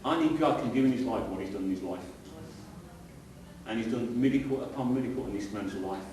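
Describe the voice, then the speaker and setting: A man's voice: lowish voice, brisk, a little mellow. A middle-aged man preaching a sermon as pastor, conversational, throwing rhetorical questions at the congregation. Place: church hall with congregation. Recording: very echoey hall, distant mic, faint hiss.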